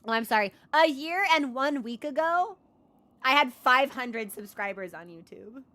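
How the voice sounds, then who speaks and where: A woman's voice: sits high, lively intonation, measured pace, pushed and bright. A young woman livestreaming from her computer desk, talking casually and earnestly to her viewers with lots of restarts and "like"s. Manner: rambling, earnest, with many restarts and "like"s. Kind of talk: casual chat to stream viewers.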